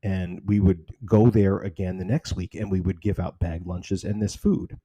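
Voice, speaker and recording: A man tells a heartfelt personal story in a relaxed, conversational way. His voice is dark and husky with a gravelly edge, and it sounds dry and close. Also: low-pitched, normal speed, no room sound, highs cut off. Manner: earnest, conversational, emotional. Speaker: charity founder telling its story.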